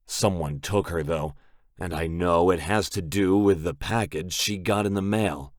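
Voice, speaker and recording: A man's voice: deep voice, no room sound, studio quality. A man narrating a romance audiobook in first person, in a gritty, blunt way.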